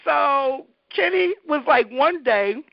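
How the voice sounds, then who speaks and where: Woman DJ guest, lively storyteller, lo-fi dry recording. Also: high-pitched, slow pace, gravelly, no echo. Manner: animated, acts out the people she quotes. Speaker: interview guest, DJ. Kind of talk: conversational storytelling.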